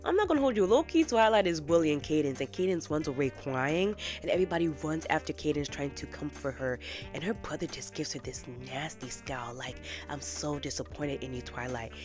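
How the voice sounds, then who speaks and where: Brief: young female commentary host, lower pitch, chatty, slangy, animated storyteller. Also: a little fast, over music. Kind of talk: casual cartoon recap commentary.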